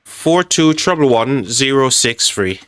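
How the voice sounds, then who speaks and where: A man's voice: medium pitch, animated, measured pace, fairly bright tone, clean tone, no echo. A man hosting a live game stream, chatty and joking with his chat, calling people mate. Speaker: livestream host. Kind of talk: casual live game commentary. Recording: faint music behind the voice.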